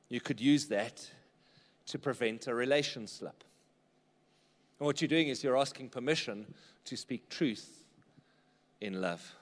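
A man's voice: mid-range voice, very animated, normal speed, long pauses, in a large hall. A man preaching a sermon in church, conversational and often checking in with the congregation. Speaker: pastor.

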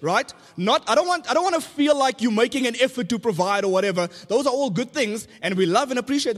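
A man's voice: extremely high pitch, animated, quick pace, hardly any pauses. A man, a pastor giving a conversational sermon full of rhetorical questions and light humor. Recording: long church hall reverb.

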